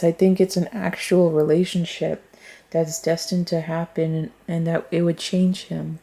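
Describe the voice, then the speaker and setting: A woman's voice: fairly low pitch, level tone, a little slow, gravelly, warm tone. A woman giving a casual tarot reading, thinking aloud in a rambling way and speaking bluntly, with free swearing. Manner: frank, blunt, swears freely. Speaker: tarot reader.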